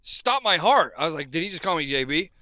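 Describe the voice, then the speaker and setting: A man's voice: on the high side, big pitch swings, fairly quick, bright, forceful tone, no echo, clean studio sound. A man on a podcast telling a casual story, rambling with many restarts. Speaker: podcast co-host.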